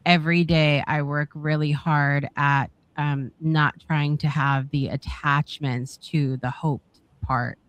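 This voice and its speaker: A woman's voice: deep voice, fairly even intonation, takes it slowly, no echo. A woman hosting a talk show, speaking reflectively with many fillers and restarts. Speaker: host. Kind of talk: reflective casual chat.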